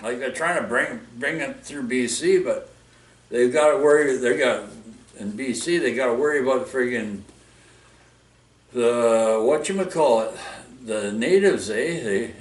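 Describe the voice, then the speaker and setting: A man's voice: medium pitch, measured pace. A man with a Canadian accent ranting in a casual, rambling way, full of fillers, restarts and "eh". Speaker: vlogger. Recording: echoey room, mic far off.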